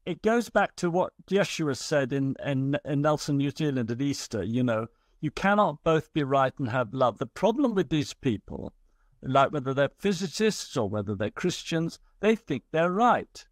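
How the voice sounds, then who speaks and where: A man speaking as a guest in a casual podcast conversation, animated and quick to laugh. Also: a little high, no room sound, studio quality. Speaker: guest scientist.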